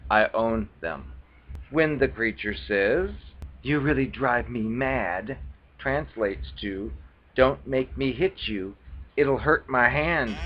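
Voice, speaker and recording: A man's voice: medium pitch, muffled recording. Scornful man reading with mocking commentary. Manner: scornful, mocking, loose and conversational. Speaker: video blogger reading from a book. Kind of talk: casual commentary and read-aloud.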